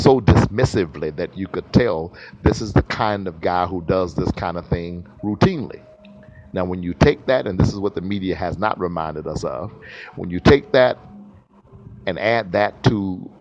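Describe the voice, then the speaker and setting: A man's voice: sits low, a little mellow. A man hosting a political commentary podcast, talking emphatically and repeating phrases for stress. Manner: spells out words slowly. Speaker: podcast host. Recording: dull lo-fi podcast audio with faint noise.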